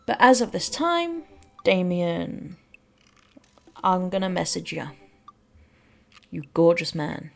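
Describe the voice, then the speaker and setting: Chatty woman with a gravelly voice. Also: lowish voice, sing-song, takes it slowly, long pauses. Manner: chatty, self-deprecating, rambling. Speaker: let's play host. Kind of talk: casual game commentary.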